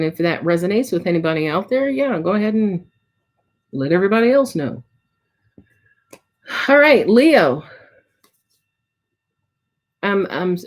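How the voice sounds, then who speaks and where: A woman giving a casual live tarot reading, chatty and full of filler words and swearing. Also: on the low side. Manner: casual, chatty, swears often, frequent "right?" and "um". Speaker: tarot reader.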